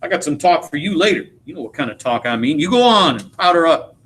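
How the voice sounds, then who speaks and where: A man's voice: a little high, lively intonation, fast talker, a bit bright, a little hiss or hum. A teacher reading aloud as a boastful, teasing middle-aged man who drawls through his stories. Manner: swaggering, teasing, drawling speech. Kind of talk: dramatic read-aloud of a play.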